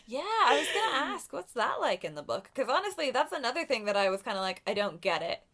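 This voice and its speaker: A woman co-hosting a casual film podcast. She talks in a relaxed, chatty way, giggles often and drifts off into little asides. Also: sits high, fast. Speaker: podcast co-host.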